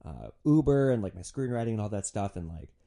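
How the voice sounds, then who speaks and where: A man's voice: on the low side, very animated, a little fast, mellow. A young man hosting a podcast, telling comedic stories in a sardonic, profane way. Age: young adult. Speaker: podcast host, former rideshare driver. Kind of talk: comedic storytelling monologue.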